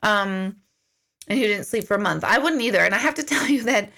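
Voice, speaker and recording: A middle-aged woman hosting a casual live-stream Q&A as an intuitive, chatty and storytelling, acting out her own remarks in lively asides. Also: mid-range voice, a little fast, gravelly. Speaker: intuitive medium answering viewer questions.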